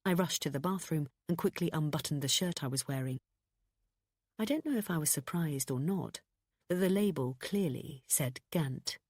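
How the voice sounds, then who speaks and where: A woman narrating a thriller audiobook in an even, measured storytelling manner. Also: low-pitched, breathy edge, no echo, studio quality.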